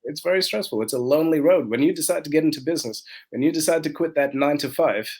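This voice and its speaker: A man's voice: on the high side, quick pace, husky. A man guesting on a podcast, telling stories about his businesses casually and animatedly, laughing often. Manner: animated, laughs often, acts out quoted dialogue. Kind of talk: casual storytelling in conversation.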